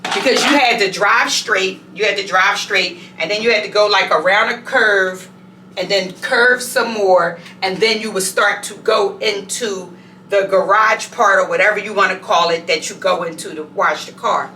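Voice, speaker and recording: A woman vlogger telling a story in an animated, conversational way at home. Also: medium pitch, moderate pace, echoey room, recorded from a distance, a little hiss or hum, low-quality recording. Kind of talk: storytime vlog. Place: home bathroom.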